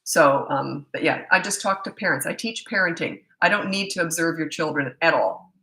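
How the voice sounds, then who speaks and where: A middle-aged parenting coach answers parents' questions in a live Q&A from home over her laptop webcam, chatty and laughing often as she tells stories. Her bright, slightly low voice is animated, with a loose, rambling rhythm at normal speed. The recording quality is low.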